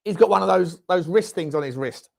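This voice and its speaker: A fairly high-voiced man hosts a football watchalong. He chats loosely with viewers, reads out their comments and swings into loud, excited shouts at the referee and near misses. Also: a little fast, creaky. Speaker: fan watchalong host.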